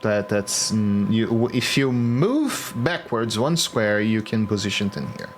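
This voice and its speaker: Slow-talking, lively-voiced male game master. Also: lowish voice, slight background noise. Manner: laughs often, swears freely, teasing. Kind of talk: running a tabletop game on a live stream.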